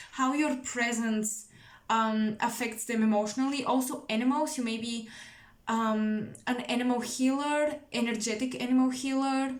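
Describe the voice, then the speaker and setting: A woman doing an intuitive tarot reading to camera, musing and searching for words with many pauses. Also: fairly high pitch, echoey room. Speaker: tarot reader.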